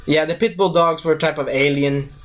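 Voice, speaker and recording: Rambling man with a higher voice. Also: fairly even intonation, normal speed. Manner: rambling, loses his thread and corrects himself. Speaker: movie reviewer. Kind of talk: casual spoken movie review.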